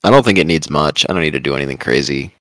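Deep-voiced easygoing podcast guy. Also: animated, a bit bright, no room sound. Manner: easygoing, quick to laugh. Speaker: podcast co-host. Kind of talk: casual chat.

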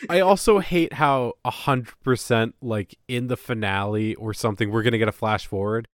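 A man co-hosting a casual show recap, often slipping into quick voices for the characters he quotes. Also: medium pitch, no echo, clean studio sound. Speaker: podcast co-host.

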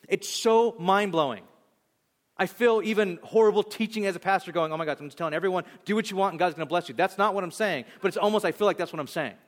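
A male pastor preaching a sermon, telling a story animatedly and acting out its lines in shifting voices. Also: on the high side. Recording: long hall reverb.

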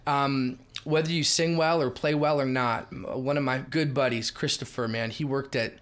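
A middle-aged man from Minnesota, telling ministry stories in a lively, emphatic way as a podcast guest. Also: mid-range voice. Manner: lively, emphatic, quick shifts in loudness. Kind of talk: animated storytelling in a podcast chat.

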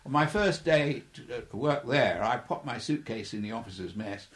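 A man's voice: mid-range voice, lively intonation, moderate pace. An older man, a former air force pilot, telling chuckling anecdotes in an interview and acting out the voices of the people in his stories. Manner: chuckling storyteller who acts out quoted voices. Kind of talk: anecdotal reminiscing.

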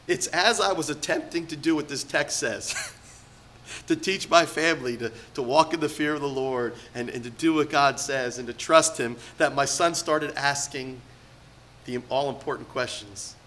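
A middle-aged man preaching a sermon as pastor, swinging between loud emphatic peaks and quiet asides. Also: medium pitch, moderate pace, a little hiss or hum.

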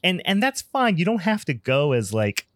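Animated man ranting about a bad film. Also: on the high side, normal speed, no room sound, clean studio sound. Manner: animated, laughing, sarcastic retelling of scenes. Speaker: podcast co-host. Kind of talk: casual film review chat.

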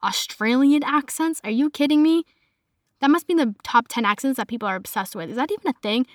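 A woman's voice: high voice, animated, brisk, no room sound, clean studio sound. Chatty young woman with a Boston accent. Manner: chatty, heavy use of "like" fillers. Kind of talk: casual chat monologue.

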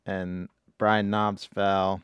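A man co-hosting a podcast, upbeat and joking, swearing without fuss. His voice is smooth and resonant, recorded dry and close. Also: sits low, flat delivery, extremely slow, dry recording, muffled recording. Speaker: podcast co-host. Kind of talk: casual chat.

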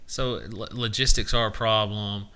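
A young man on a casual podcast, crude and jokey, cursing often. His voice is on the low side but strikingly bright and sharp. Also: little pitch movement, moderate pace, smooth. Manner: crude, jokey, swears a lot. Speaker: podcast co-host. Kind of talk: casual chat.

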